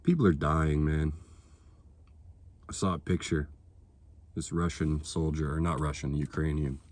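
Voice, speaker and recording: A man's voice: a bass voice, fairly even intonation, measured pace, darkish tone, dry recording. A man delivering a heated, sarcastic political rant to his viewers, swearing freely. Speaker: political vlogger. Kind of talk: ranting monologue to camera.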